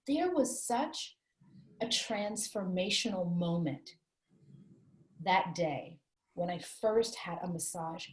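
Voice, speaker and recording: A woman's voice: fairly low pitch, lively intonation, slow, a little mellow. A woman being interviewed, telling a personal story in an earnest, reflective way. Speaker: author interviewed as guest. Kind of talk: candid conversational interview. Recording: roomy echo.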